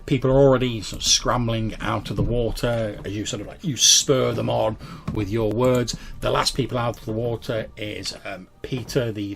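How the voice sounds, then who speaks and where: A man's voice: fairly low pitch, vocal fry. A man narrating as game master of a tabletop game, describing scenes with frequent fillers.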